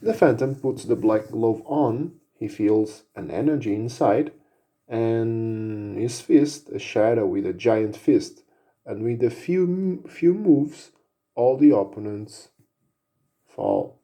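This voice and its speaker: A man narrating an action story casually, unhurried, with fillers. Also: medium pitch, animated, warm tone.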